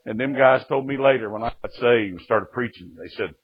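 A man preaching a testimony sermon, telling his story in a folksy way with sudden jumps in loudness. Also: medium pitch, brisk. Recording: dull lo-fi recording.

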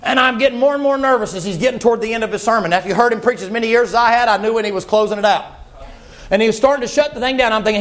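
A man preaching a folksy, animated sermon and shouting at its peaks. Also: very high-pitched, rapid-fire. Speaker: pastor.

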